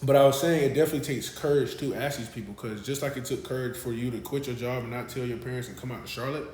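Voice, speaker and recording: A man's voice: mid-range voice, fast, darkish tone. A man hosting a podcast, asking rambling, searching questions. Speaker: podcast host. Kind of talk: casual interview questions. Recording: roomy podcast audio with faint hiss.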